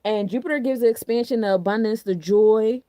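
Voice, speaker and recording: A woman's voice: on the high side, brisk, dark tone, dry recording, studio quality. A woman hosting a casual astrology talk, chatty and full of rhetorical questions, often asking "you know what I'm saying". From New Jersey. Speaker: astrology podcast host.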